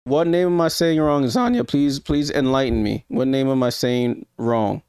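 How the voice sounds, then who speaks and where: Smooth-voiced New York man thinking aloud. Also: mid-range voice, fairly even intonation, moderate pace, darkish tone, no echo, clean studio sound. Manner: thinks aloud, hesitant, talks to chat. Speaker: livestream host. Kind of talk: casual live reaction commentary.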